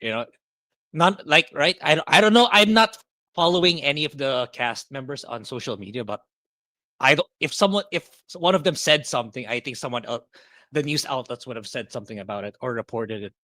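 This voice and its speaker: A man speaking in casual podcast chat with a bright, forward tone. He talks in a measured, thoughtful way and hedges his points as he goes. The recording is dry and close, with no room in it. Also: mid-range voice, lively intonation, no room sound. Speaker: podcast co-host.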